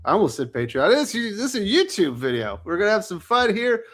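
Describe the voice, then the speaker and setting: A man's voice: high-pitched, big pitch swings, quick pace, a bit bright. A man hosting a live comics talk show, teasing his co-panelists. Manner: teasing, joking. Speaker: host. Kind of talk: casual chat.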